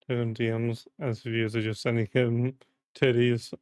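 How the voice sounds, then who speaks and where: Sweary British streamer, dry close mic. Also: male voice, mid-range voice, level tone, a little slow, darkish tone, no echo. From Britain. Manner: rambling, sweary, with frequent fillers. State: voice cracking from the heat. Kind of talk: casual live-stream chat.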